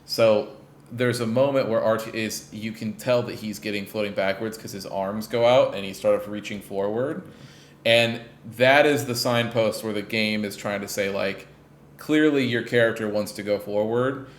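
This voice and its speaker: A man's voice: lowish voice, fairly even intonation, moderate pace, a little hiss or hum. A man co-hosting a podcast, rambling in casual chat with lots of fillers and the odd swear word. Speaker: podcast co-host.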